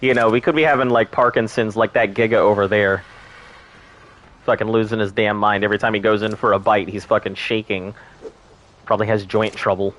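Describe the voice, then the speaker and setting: A man's voice: fairly low pitch, fairly even intonation, brisk, a bit bright, a little hiss or hum. A man streaming a survival game, chatting in a rambling, crude, joking way. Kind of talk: casual gameplay commentary.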